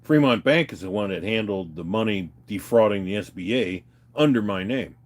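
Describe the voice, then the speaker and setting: A man's voice: fairly low pitch, lively intonation, normal speed. A man venting in a heated, profane rant to his viewers, retelling a phone call. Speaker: vlogger.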